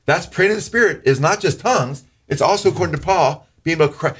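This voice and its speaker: A man preaching a sermon as pastor, talking earnestly, rising in pitch for emphasis and slowing down when he reads scripture. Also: animated, a bit bright, breathy edge. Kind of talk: sermon teaching.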